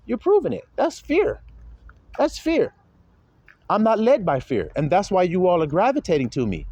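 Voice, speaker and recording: Male preacher, informal sermon, slangy and lively, slightly high voice. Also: normal speed, no room sound, lo-fi sound. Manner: animated, slangy, often laughing, swings between low and high.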